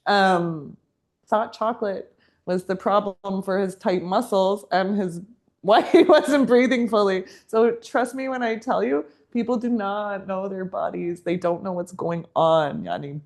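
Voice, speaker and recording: A woman teaching a yoga teacher training class, explaining in a chatty way and laughing often. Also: medium pitch.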